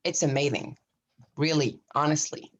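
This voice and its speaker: A woman playing a young wife calmly ending her marriage, husky and controlled, in an acting class scene. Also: deep voice, moderate pace. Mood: bitter. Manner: flat, controlled, refusing emotion.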